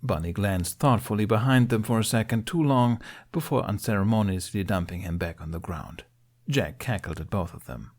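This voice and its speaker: Low-voiced lively male storyteller. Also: normal speed. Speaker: podfic reader. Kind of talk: fan fiction audiobook narration.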